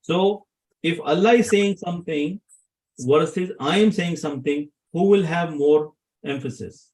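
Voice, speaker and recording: A man's voice: on the high side, a little slow, a little mellow, rough recording. A man teaching Arabic grammar to a class, often asking his students questions to check they follow.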